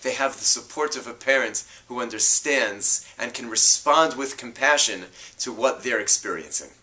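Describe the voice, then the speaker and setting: A man, a rabbi, giving an earnest, measured scripted talk on parenting. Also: mid-range voice, sharp tone.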